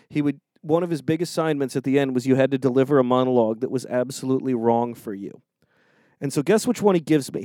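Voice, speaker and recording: A man's voice: medium pitch, dark tone, no echo, studio quality. Chatty man, laughing through his stories. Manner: rambling storyteller, laughs mid-sentence. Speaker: criminal defense attorney and show regular. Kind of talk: casual podcast chat.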